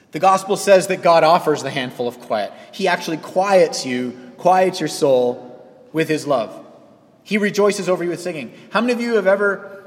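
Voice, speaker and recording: Male pastor, high-pitched voice, animated preaching with hushed drops and loud peaks, long hall reverb. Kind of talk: sermon.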